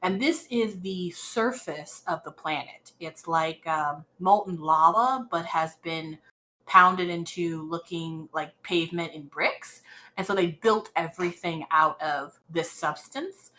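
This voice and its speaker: A woman narrates a tabletop game as its game master, taking her time and circling back with fillers and restarts. Her voice is bright and a little low-pitched, and she speaks slowly. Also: rough recording. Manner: unhurried, hesitant, many fillers and restarts.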